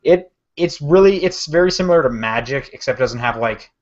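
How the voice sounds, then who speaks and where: This podcast co-host speaks a little fast in a mid-range voice with lively intonation. Chatting casually, he rambles with plenty of fillers and self-corrections, all captured in dull lo-fi podcast audio.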